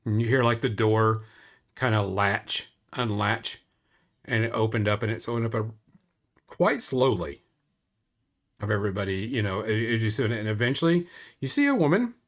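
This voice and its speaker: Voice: medium pitch, lively intonation, normal speed, long pauses. A game master narrating a tabletop game, rambling with frequent fillers. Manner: rambling narration with many fillers, laughs often.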